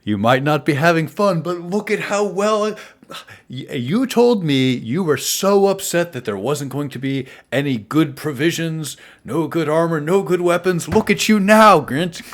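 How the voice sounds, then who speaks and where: A man's voice: mid-range voice, animated, slow pace, pauses often, darkish tone. A man voicing a jovial, boisterous male ship captain in a tabletop game, with a hearty, carrying manner. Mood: exuberant.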